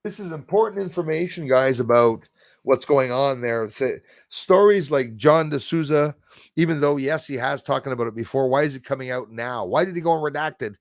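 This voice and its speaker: A man talks to his livestream viewers in a loose, rambling way, firing off restarts and tacking "eh?" onto his sentences. His voice sits at an ordinary middle pitch, and the recording is close and dry with no room sound. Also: normal speed, no room sound. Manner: rambling, animated, many restarts and tag "eh?". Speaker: livestream host. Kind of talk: rambling livestream chat reading viewer comments.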